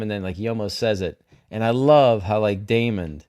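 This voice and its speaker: Rambling low-voiced man recapping a show. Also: moderate pace, a little mellow. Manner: rambling, many fillers and restarts, enthusiastic. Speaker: show host. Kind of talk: casual spoiler talk about a TV episode.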